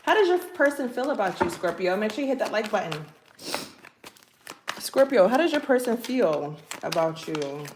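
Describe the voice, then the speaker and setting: A tarot reader with a mid-range, very animated voice gives a casual, chatty, playful reading at normal speed, speaking straight to her viewers with lots of asides. The room is echoey with faint background noise.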